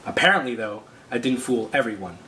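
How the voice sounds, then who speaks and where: A young man, a student prankster, telling his story in a casual, deadpan vlog narration. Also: mid-range voice, brisk, distant mic. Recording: echoey room with background noise.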